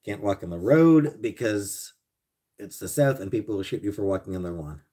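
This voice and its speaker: A man with a somewhat low voice chats casually on a live stream, reading out his viewers by name as he answers them. He sounds grumbling and sarcastic, with swearing sprinkled through almost every reply. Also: expressive, normal speed, warm tone. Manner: answers chat messages by name. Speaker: livestreamer answering chat.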